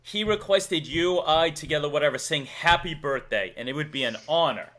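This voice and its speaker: A man with a Massachusetts accent hosting a livestream, chatting casually, playful and quick to laugh. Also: on the high side, expressive, crowd noise. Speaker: livestream host. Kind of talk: casual stream chat.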